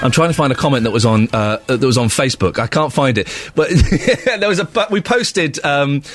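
A man in his thirties presenting breakfast radio in a chatty, animated way, muttering asides to himself. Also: medium pitch, normal speed, faint music behind.

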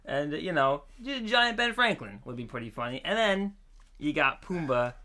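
Male podcast co-host, bright tone, relaxed and laughing, casual chat. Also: a little high, normal speed. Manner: easygoing, laughs often, silly impressions.

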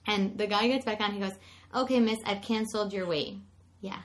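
A woman hosting a podcast, chatting casually and telling a family story in an expressive way. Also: medium pitch, a little fast. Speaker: podcast host. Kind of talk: casual chat.

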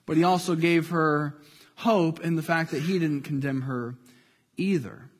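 Male pastor, high voice, casual storytelling sermon with hushed dramatic moments, long reverb. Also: unhurried. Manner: storytelling, casual, dramatic drops to near-quiet.

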